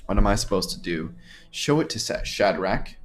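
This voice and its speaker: A man giving casual gameplay commentary, thinking out loud, chuckling and trailing off into half-finished sentences. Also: fairly low pitch, expressive, normal speed. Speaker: gamer, channel host.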